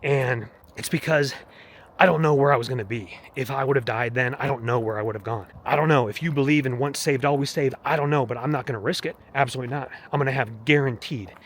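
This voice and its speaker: Walking a mountain trail with his heart rate up, a man vlogs in a fast, mid-range voice. His casual testimony is earnest, rambling, and preachy.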